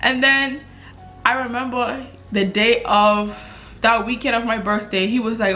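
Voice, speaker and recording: A chatty woman in her twenties from the Bahamas talks straight to the camera and loops back over her own words. Her voice is bright and fairly high. Faint music plays underneath. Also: normal speed. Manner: chatty, repeats words, storytelling. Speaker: vlogger. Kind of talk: casual chat to camera.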